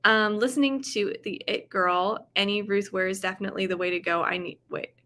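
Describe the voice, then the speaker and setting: A woman's voice: mid-range voice, fairly even intonation, a little fast, bright, forceful tone. A young woman hosting a reading livestream, chatting casually with viewers, bubbly and laughing often. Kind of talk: casual chat reading chat messages aloud. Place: home, with rain sounds.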